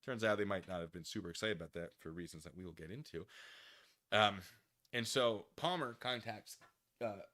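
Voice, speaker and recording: A man's voice: fairly low pitch, normal speed, pushed and bright. A man streaming, telling a story casually and acting out quoted people in silly voices.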